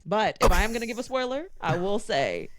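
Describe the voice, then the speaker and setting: A woman's voice: mid-range voice, sing-song, a little fast, no echo. A woman co-hosting a pop culture podcast, telling gossip in an emphatic, playful, profane way. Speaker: podcast co-host. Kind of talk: casual chat.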